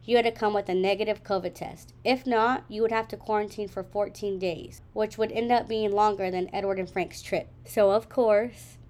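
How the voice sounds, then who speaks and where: A woman's voice: mid-range voice, steady tone, moderate pace, hardly any pauses, darkish tone. A young woman gives a scripted narration in a mid-range voice. She sounds wry and teasing, and sets up each part of the story with dry asides.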